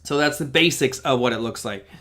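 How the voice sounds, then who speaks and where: In a brisk, mid-range voice that comes across pushed and bright, a middle-aged man fields viewer questions on a live trading Q&A. He reads each one aloud and explains his approach in a relaxed, chatty way.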